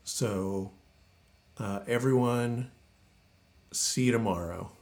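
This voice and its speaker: A man hosting a podcast in a casual, laid-back chat, often trailing off into drawn-out fillers. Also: medium pitch, loud music behind the voice. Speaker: podcast host.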